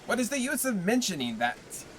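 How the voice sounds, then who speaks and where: A man's voice: high-pitched, very animated, moderate pace, fairly bright tone, a little hiss or hum, pitched above the performer's own voice. A man reading aloud, voicing a grizzled, worldly male tailor neighbor who talks in a hearty, overly familiar way.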